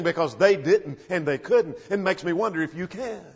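Male preacher, husky, long reverb in a big hall, lo-fi; emphatic sermon delivery. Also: high voice, fairly quick, few pauses. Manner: expository preaching, animated retelling with emphatic rises and soft drops. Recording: dull lo-fi recording in a reverberant church hall.

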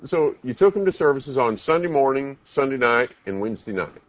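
A man's voice: mid-range voice, very animated, a little fast, few pauses, no echo, dull audio. A man preaching a sermon, emphatic, asking the congregation many rhetorical questions.

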